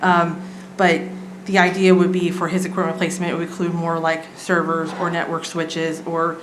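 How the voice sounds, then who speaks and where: A woman's voice: fairly low pitch, completely flat delivery, moderate pace. Woman presenting a budget item. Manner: informal, many filler ums. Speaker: city finance staff presenting budget. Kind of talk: presentation at a council meeting. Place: council chamber. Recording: echoey chamber, background noise.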